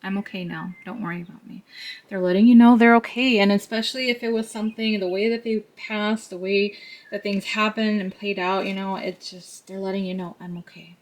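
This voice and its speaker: A woman talking gently to her viewers as she reads cards, her voice soft and tender. She is sometimes close to tears and laughs at herself. Her pitch sits in the middle for a woman. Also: steady tone, a little fast, poor audio. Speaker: tarot reader. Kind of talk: intuitive card reading to camera.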